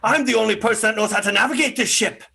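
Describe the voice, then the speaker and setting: A drooling, slimy crewman begs his captain to keep him aboard, as a man puts on the voice for an improv sci-fi scene. The tone is raspy and bright, with a gravelly catch under the pleading. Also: high voice, fast, pitched above the performer's own voice, exaggerated voice. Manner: pleading, eager.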